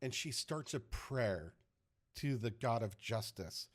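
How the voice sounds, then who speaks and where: A man narrating a tabletop game as game master, telling the scene in an animated way with loose restarts. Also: medium pitch, slow pace.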